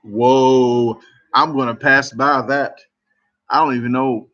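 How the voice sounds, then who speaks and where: Brief: man, mid-pitch voice, casual live stream chat, rambling stories, muffled lo-fi audio. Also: fairly even intonation, fairly quick, fairly bright tone. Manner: rambling, self-interrupting storytelling. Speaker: competitive eater streamer.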